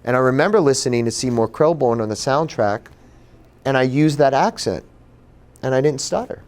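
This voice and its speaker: A man giving a personal storytelling talk at a bookstore event, animated and acting out the voices he quotes. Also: medium pitch, moderate pace. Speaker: author and speaker.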